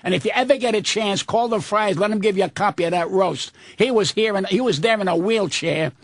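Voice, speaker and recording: A man's voice: sits high, brisk, no echo, studio quality. An older man, a comedian guest on a radio talk show, ranting combatively and cursing freely.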